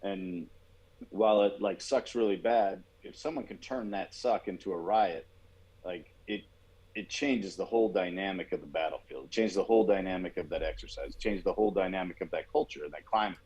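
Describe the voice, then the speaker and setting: A man's voice: sits low, brisk, darkish tone, breathy edge, low-quality recording. A man co-hosting a podcast, talking in a reflective, rambling way about military life. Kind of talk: casual podcast chat.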